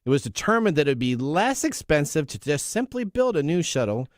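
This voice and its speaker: A man's voice: fairly high pitch, very animated, fairly quick, no echo, studio quality. A man hosting a tech radio show, chatty, jokey and upbeat in casual banter. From US Pacific Northwest.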